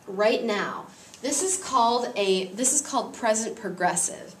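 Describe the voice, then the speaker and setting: A woman's voice: a little high, expressive, unhurried, a little hiss or hum. Female teacher, patient and methodical, recorded at a distance in a reverberant room. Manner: patient, explains step by step. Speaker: Spanish teacher. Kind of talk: classroom grammar lesson.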